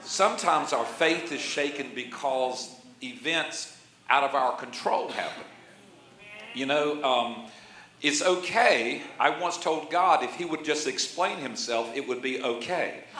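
A man's voice: medium pitch, animated, measured pace, pushed and bright. A man in his sixties preaching a sermon as a pastor, folksy and conversational, with jokes and frequent amens. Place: church sanctuary. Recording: roomy church echo.

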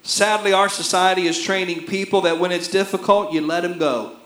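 A man delivers a sermon in a high voice. He swings between shouting and hushed, quiet lines. The sound is roomy and echoey. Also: steady tone, fairly quick. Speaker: pastor.

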